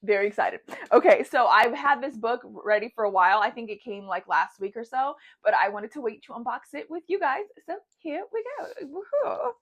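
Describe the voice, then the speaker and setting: A young woman vlogging a book unboxing, bubbly and gushing, squealing with excitement and then reading the jacket copy aloud. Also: fairly high pitch, fairly quick, few pauses.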